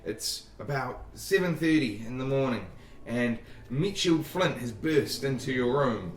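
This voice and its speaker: A man's voice: medium pitch, moderate pace. A man narrating as dungeon master in a tabletop game, rambling loosely with frequent restarts. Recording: echoey room, far from mic.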